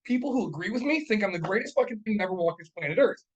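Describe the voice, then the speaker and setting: A man co-hosting a casual podcast, with a voice set somewhat high. He talks bluntly and swears freely. He rambles along, tossing in "like" and "right?" as he goes. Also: lively intonation, very fast, dull audio. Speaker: podcast co-host.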